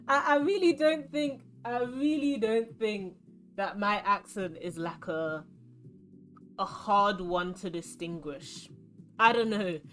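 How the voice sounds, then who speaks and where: A young woman from London with a London accent, chatting and rambling as she plays a card game on stream. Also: medium pitch. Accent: London English. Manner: chatty, rambling, animated storytelling. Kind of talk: casual chat while playing a card game.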